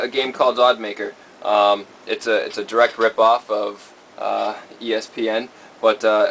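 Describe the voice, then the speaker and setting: A man with a lowish voice co-hosts a casual show, laying out his picks step by step. He talks in a measured, plain way. Faint background noise sits under the recording. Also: a bit bright. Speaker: co-host running a segment. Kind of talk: casual talk show chat.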